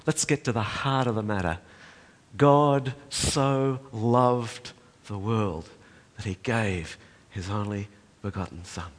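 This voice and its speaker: A man's voice: fairly low pitch, takes it slowly. Older man preaching in a hall. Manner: impassioned, rising to loud emphatic peaks then dropping soft. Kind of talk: sermon. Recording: reverberant hall.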